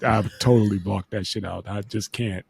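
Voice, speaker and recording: A man co-hosting a podcast, telling stories in a relaxed, rambling way. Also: fairly low pitch, moderate pace, gravelly, slightly rough, no echo. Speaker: podcast co-host. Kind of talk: casual storytelling.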